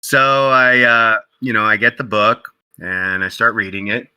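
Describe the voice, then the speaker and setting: A man being interviewed as a guest, telling a casual story in an animated way, acting out quoted dialogue, with many fillers and restarts. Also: fairly low pitch, measured pace, clear, resonant tone, poor audio. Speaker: interview guest, game company co-founder.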